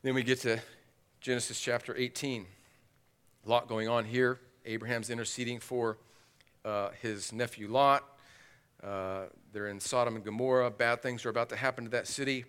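A male pastor preaching an expository sermon, animated and acting out the dialogue of Bible stories. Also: mid-range voice, smooth. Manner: animated, acts out Bible dialogue with dramatic voices.

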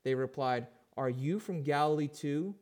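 Preaching at a normal speed, this male pastor quizzes his congregation with questions while alternating soft, hushed moments with louder, forceful emphasis.

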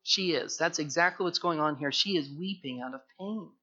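A man preaching an expository sermon, earnest and repetitive, moving from hushed tones to fervent emphasis. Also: on the high side, normal speed, lo-fi sound. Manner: earnest, repeats words, swings from hushed to fervent. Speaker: pastor.

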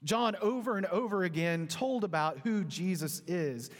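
A man in his thirties, a pastor, telling a story in an animated, conversational sermon. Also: high voice, moderate pace. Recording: long hall reverb.

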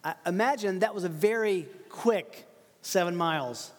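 A man preaching a verse-by-verse sermon, animated and emphatic, laughing often. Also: high voice, moderate pace, big-room sound. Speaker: pastor. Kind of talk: expository sermon.

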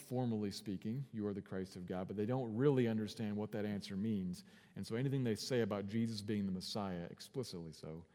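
A man preaching a sermon as pastor, earnest, swinging from quiet and slow to loud and urgent. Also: on the low side, big-room sound. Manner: earnest preaching with big swings in volume and pace.

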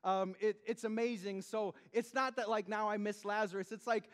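A man preaching a sermon as pastor, in a chatty, conversational way full of asides and questions to the congregation, swinging between loud emphasis and hushed tones. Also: sits high, level tone, moderate pace, smooth. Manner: conversational, peppered with "like" and "right?".

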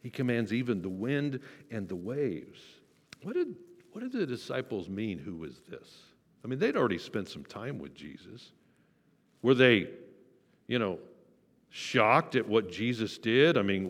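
A man preaching a sermon, animated, acting out quoted voices with sudden jumps in pitch and loudness. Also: in a large hall. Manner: animated, acts out the disciples' panic in quoted voices. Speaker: pastor.

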